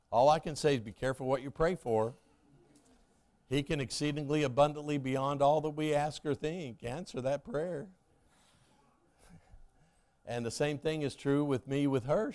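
A man preaching a sermon to his congregation, conversational and emphatic, with asides and self-corrections, swinging between loud stresses and quiet remarks. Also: a little high. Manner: emphatic, varies pace and loudness. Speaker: pastor.

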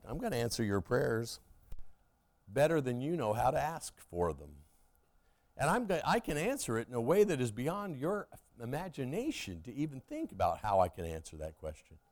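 A male pastor delivering a sermon in a middle-pitched voice. He talks to the congregation in a conversational way, with asides and self-corrections, and he leans hard on key phrases. Then he drops to quieter remarks. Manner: emphatic, varies pace and loudness.

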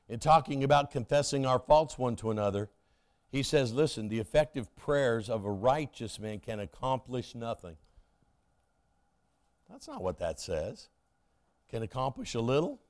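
A male pastor delivering a sermon in a middle-pitched voice. He talks to the congregation in a conversational way, with asides and self-corrections, and he leans hard on key phrases. Then he drops to quieter remarks. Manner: emphatic, varies pace and loudness.

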